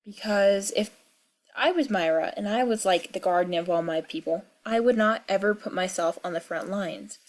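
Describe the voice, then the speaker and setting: A woman's voice: medium pitch, moderate pace. A young woman casually talking through game lore, musing and thinking aloud with fillers. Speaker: video creator.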